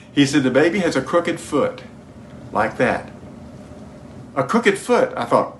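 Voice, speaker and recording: Animated preacher telling stories. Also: male voice, on the high side, a little slow, pauses often, a little hiss or hum. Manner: storytelling, animated, breaks into singing a hymn. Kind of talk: sermon.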